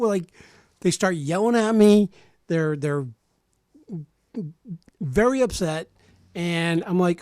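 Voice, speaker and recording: A man in his forties telling a personal story in casual radio talk, animated and acting out other people's lines, often restarting and repeating words. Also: high voice, unhurried, long pauses, no room sound, studio quality. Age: 40s.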